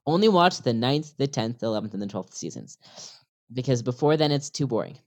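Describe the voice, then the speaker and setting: A man's voice: medium pitch, lively intonation, fairly quick. A man with an American accent, an interview guest in casual conversation, upbeat and repeating phrases to help a learner follow. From United States.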